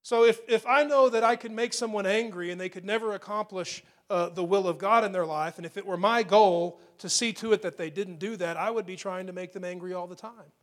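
High-voiced man preaching earnestly. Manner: earnest, repeats key phrases, slows down to stress scripture words. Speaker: pastor. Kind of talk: sermon.

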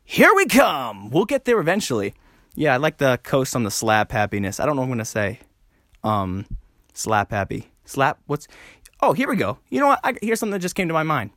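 A man hosting a solo podcast, rambling and joking at himself, talking fast and often jumping up high. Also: sing-song, fairly bright tone, dry recording, studio quality. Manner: rambling, self-mocking, fast with sudden high jumps. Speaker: podcast host. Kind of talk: casual solo podcast chat.

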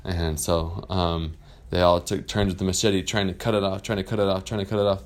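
A man with a fairly low voice spins an improvised bedtime story. He talks in a relaxed, rambling way, with plenty of pauses and fillers. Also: a little hiss or hum.

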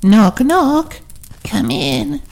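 A man putting on a high, wobbly old woman's voice as a joke. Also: very animated, very slow, vocal fry, full character voice. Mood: playful. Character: creaky old woman, joking host.

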